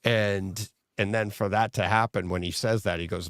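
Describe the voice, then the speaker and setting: A man co-hosting a podcast in casual chat, talking in a rambling, excitable way with many restarts. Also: fairly low pitch, normal speed, no echo, studio quality. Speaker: podcast co-host.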